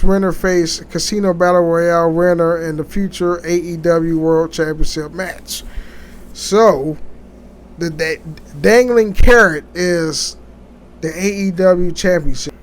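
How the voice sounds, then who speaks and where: Rambling podcast host, slightly high voice. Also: male voice, steady tone. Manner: rambling, halting, many restarts and fillers. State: sleepy, yawning. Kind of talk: casual solo podcast commentary.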